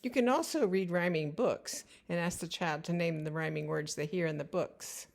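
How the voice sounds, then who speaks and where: A teacher explains, at an unhurried pace, how to guide a child through word sounds, breaking words into their separate sounds with patient clarity. Her gravelly voice sits a little lower than most women's, and her narration is steady, slow, careful and instructional.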